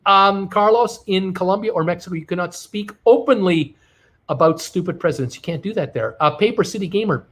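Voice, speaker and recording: Chatty livestream host reading comments. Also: male voice, high-pitched, a bit bright. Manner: reads comments aloud with quick asides. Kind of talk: casual live-stream chat.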